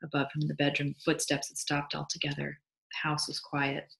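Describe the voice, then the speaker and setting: A woman teacher reading a short story aloud to a class, animated, with small restarts and asides. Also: sits low, fairly quick, creaky, poor audio. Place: classroom or school library.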